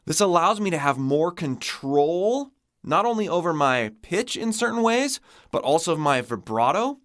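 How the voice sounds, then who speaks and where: A man's voice: a little high, a little slow, no echo, studio quality. A man, a vocal coach, explaining singing techniques and demonstrating them with his own voice. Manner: expressive, demonstrates with voice.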